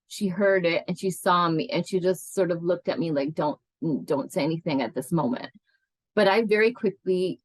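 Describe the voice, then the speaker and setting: A woman's voice: lowish voice, no room sound, poor audio. A woman in her forties telling her life story in an oral history interview, earnest and reflective, often restarting her sentences.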